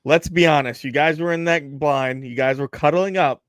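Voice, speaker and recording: Host guy teasing his guest, bit high voice, dry mic. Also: moderate pace, no echo. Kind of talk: casual chat.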